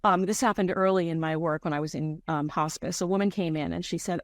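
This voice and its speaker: A middle-aged woman with a somewhat low voice talks candidly about her work as a grief counselor. She searches for her words and often restarts her sentences. The sound is dry and close, with no room echo. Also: steady tone, a little fast, hardly any pauses. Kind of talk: reflective interview answers.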